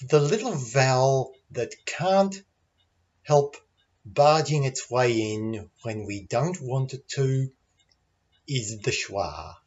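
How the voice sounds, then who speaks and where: Slow, patient Australian man teaching. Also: medium pitch, a little mellow, dull audio. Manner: clear, patient, demonstrates sounds aloud. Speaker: English pronunciation teacher. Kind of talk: slow, deliberate teaching lesson.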